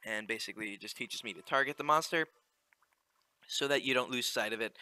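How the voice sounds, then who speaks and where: A man giving relaxed, chatty commentary while playing through a video game. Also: medium pitch, brisk, clear, resonant tone, no echo. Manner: relaxed, chatty, explaining as he plays. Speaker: let's play gamer. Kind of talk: casual gameplay commentary.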